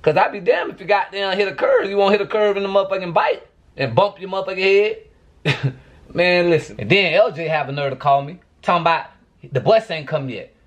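A man's voice: sits high, animated, fairly quick. A man vlogging to camera, venting in a profane, exasperated rant.

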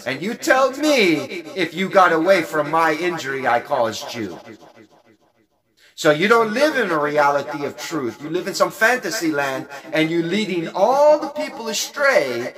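A man preaching in a blunt, profane, combative rant, hammering home his points with repetition. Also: fairly high pitch. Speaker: religious teacher.

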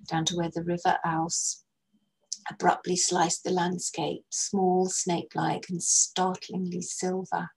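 Husky, low-voiced woman reading a story. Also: poor audio. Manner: gentle, measured reading. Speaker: narrator, actress reading a story. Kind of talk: storybook narration.

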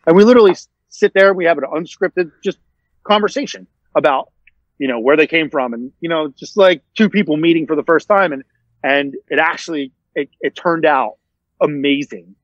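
A man's voice: on the high side, fairly quick, no room sound. Rambling man telling a story. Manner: rambling, many fillers and restarts. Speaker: interview guest. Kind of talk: casual storytelling. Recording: dull, dry sound.

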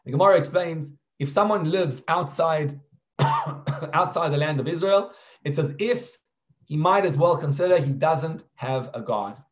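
Animated rabbi retelling a biblical story. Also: male voice, a little high, measured pace. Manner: animated retelling with Hebrew terms. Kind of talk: storytelling Torah class. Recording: roomy, slightly dull recording.

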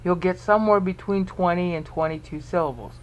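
A man's voice: sits high, a little fast, muffled recording, slight background noise. A man presenting a Bible study video lecture, explaining step by step and often checking in with the listener.

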